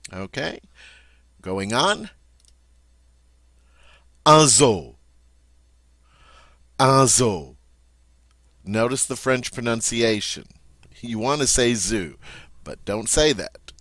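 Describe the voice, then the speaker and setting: A man teaching French vocabulary, repeating each word slowly and clearly and explaining it in a friendly, encouraging way. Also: on the low side, a bit bright, no room sound. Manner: slow, drawn-out model pronunciations with repeats. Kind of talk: vocabulary lesson.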